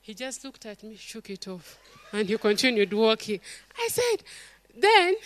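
A woman's voice: fairly high pitch, measured pace, no room sound. A middle-aged woman, preaching a sermon to a congregation and acting out stories and quotes. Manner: animated storytelling, acts out quotes, calls to the congregation.

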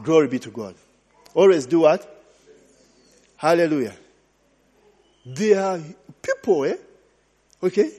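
A man's voice: fairly high pitch, animated, unhurried, long pauses, dark tone. A man preaching a sermon as pastor, throwing questions to the congregation and answering with hallelujah and glory be to God. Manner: call-and-response, repeating hallelujah and glory be to God. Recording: long hall reverb.

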